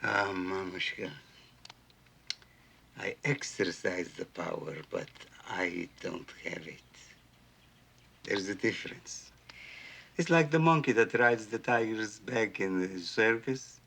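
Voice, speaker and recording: An actor playing a guarded Soviet official, curt and suspicious in manner. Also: male voice, lowish voice, slow, vocal fry, pauses often, pushed and bright, slight background noise, full character voice. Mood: reflective. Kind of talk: 1980s TV drama acting.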